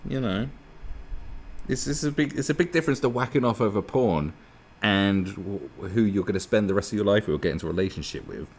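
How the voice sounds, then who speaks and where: With a fairly low voice at a fairly quick pace, a man delivers crude, mocking commentary on a video clip. His profane reaction is animated, sweary, and full of ridicule.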